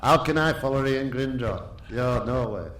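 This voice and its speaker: A man's voice: mid-range voice, moderate pace, a crowd in the background. Older man telling stories. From Yorkshire. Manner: lively storyteller who laughs often and restarts sentences. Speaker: guest, retired rally driver. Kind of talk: casual anecdotal storytelling.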